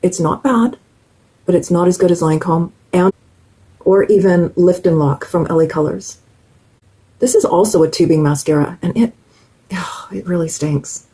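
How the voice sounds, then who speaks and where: A woman's voice: on the low side, moderate pace, dark tone, slightly rough, poor audio. A woman talking viewers through her makeup as a beauty vlogger, chatty and enthusiastic, addressing them directly. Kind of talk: casual makeup tutorial chat.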